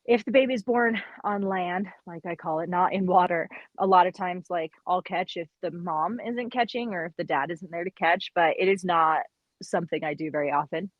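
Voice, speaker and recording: A woman who works as a midwife, chatting on a podcast and telling stories in an animated way, acting out what people said. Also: on the low side, normal speed, no room sound, dull audio. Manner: animated storyteller, quotes people in lively voices. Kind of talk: casual chat.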